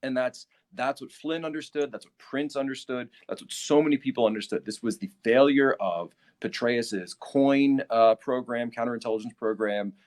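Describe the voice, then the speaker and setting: A man's voice: mid-range voice, moderate pace, few pauses, a little mellow. Laughing, chatty man on a livestream. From Philadelphia. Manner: laughs a lot, repeats himself. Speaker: livestream host. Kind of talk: casual livestream talk answering chat.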